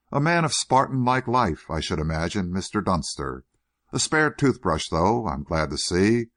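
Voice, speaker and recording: A smooth, purring older gentleman with a quiet scheming edge, as a man reads him, low in tone but swinging freely up and down. Every line carries polite, faintly mocking warmth. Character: suave, silkily solicitous older gentleman schemer.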